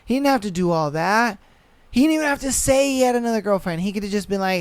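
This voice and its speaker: A man's voice: high-pitched, lively intonation, quick pace, clean tone, no echo. A young man hosting a podcast, ranting in casual, profane, exasperated reaction commentary. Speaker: podcast host.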